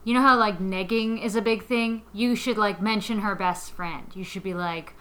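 Bright, sarcastic woman joking. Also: medium pitch, moderate pace, few pauses. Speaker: comedy podcast co-host. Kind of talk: improvised comedy chat.

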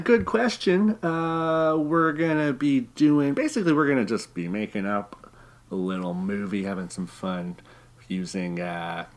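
A man hosting a casual improv podcast, upbeat and laughing often. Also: fairly low pitch. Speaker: host.

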